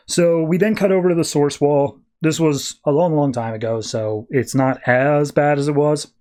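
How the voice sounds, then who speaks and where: A man's voice: fairly high pitch, steady tone, moderate pace, hardly any pauses, a little mellow. A male podcast host giving a casual recap of a comic, chatty and full of fillers. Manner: chatty paraphrasing, frequent fillers.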